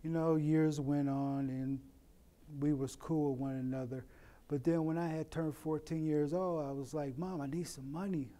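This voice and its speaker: A middle-aged man from Oakland, telling a personal story in a plain, unhurried way with many "you know" asides. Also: on the high side, steady tone, mellow. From Oakland, California. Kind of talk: personal story told to camera. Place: in prison.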